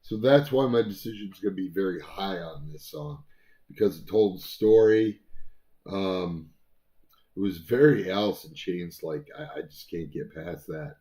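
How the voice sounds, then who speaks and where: A man's voice: sits low, moderate pace, mellow. A man co-hosting a casual album review chat, talking in a rambling way with many fillers and restarts.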